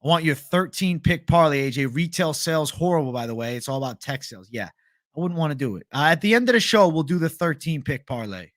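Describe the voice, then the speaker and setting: A young man chatting casually on a live stream in a laid-back, profane way, with a somewhat high voice. The sound is dry and close, with no room echo. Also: expressive, fast talker, a bit bright. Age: young adult. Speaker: host. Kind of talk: casual live-stream chat reading comments.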